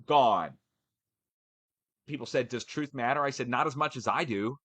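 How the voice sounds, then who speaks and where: A man, the host of his own channel, talks through a loose, animated update. He rants and swears freely at a middling pitch. The sound is dry and close, with no room around him. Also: normal speed, breathy edge, dry recording. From United States. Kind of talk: casual ranting update.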